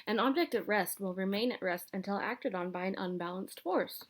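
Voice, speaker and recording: A woman's voice: mid-range voice, moderate pace, lightly acted. A woman voicing a quirky, cheerful male science teacher who lectures and counts down in a children's storybook. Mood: lecturing. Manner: upbeat, announcing, counting down.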